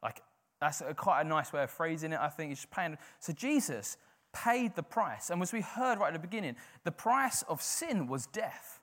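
Male preacher, slightly higher voice, chatty and informal, mid-sermon. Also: very animated, moderate pace, a bit bright. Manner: conversational, informal preaching with frequent fillers.

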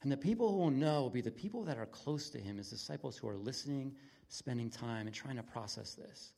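A man preaching a conversational sermon in an earnest, plain-spoken way, his voice dropping from lively emphasis to hushed, intimate tones. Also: mid-range voice, fairly quick, creaky. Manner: earnest, swings from loud excitement to near-whisper intimacy. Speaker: pastor.

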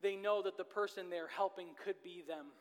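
Man, pastor, sermon, very high voice, earnest, repeats key lines, long church reverb. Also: steady tone, brisk. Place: church sanctuary.

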